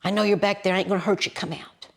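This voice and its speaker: A woman doing a hushed, kindly Appalachian bear. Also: medium pitch, fairly even intonation, creaky, natural voice. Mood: hushed, soothing. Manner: hushed, slow and soothing, with folksy mountain phrasing. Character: gentle talking bear, male, big and kindly.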